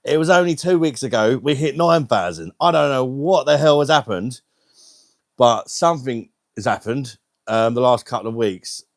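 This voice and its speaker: A man's voice: mid-range voice, animated, moderate pace, no echo, clean studio sound. A young man hosting a casual live stream on a wireless mic, chatty and laughing often as he greets viewers by name. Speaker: livestream host.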